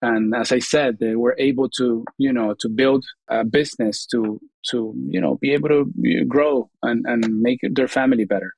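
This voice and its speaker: A man's voice: medium pitch, steady tone, moderate pace, gravelly, few pauses, a little mellow, no echo. Earnest man. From Venezuela. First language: Spanish. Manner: earnest, repeats words, leans on "you know". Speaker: guest chef and TV host. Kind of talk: casual interview chat.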